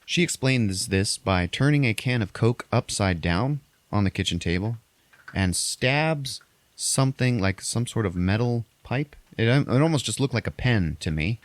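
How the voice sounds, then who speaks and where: A man hosts a podcast, retelling a movie plot in loose, profane chat and briefly acting out characters in exaggerated high voices. His voice sits low. The sound is dry and close, with no room around it. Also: expressive, moderate pace, no room sound. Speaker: podcast host recapping a movie. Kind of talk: casual chat.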